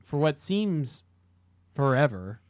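A man co-hosting a podcast, chatting casually in a halting way, often repeating and restarting words. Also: fairly high pitch, very animated, no room sound. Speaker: podcast co-host. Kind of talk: casual chat.

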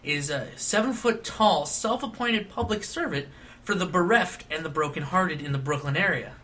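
A man's voice: fairly high pitch, bright, forceful tone. A man co-hosting a casual comedy show, reading news items aloud and tossing in playful quips. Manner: eager, playful, quick quips. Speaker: co-host.

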